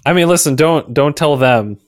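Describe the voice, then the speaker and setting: A man's voice: fairly high pitch, moderate pace, dry recording, studio quality. A man hosting a casual chat show, laughing often and hesitating with fillers. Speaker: podcast host.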